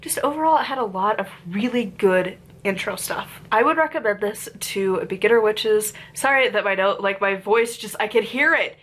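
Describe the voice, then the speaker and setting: A woman reviewing a witchcraft book in a casual, rambling way, full of "like" fillers and lively asides, her voice congested from a lingering cold. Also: medium pitch, normal speed, hardly any pauses. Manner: chatty, lots of "like" fillers, animated asides.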